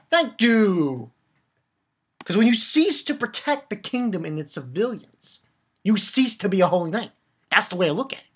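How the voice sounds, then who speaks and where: A woman giving an excited, rambling recap of a manga chapter, swearing freely and restarting her sentences. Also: fairly low pitch, normal speed, breathy edge. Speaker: manga reviewer.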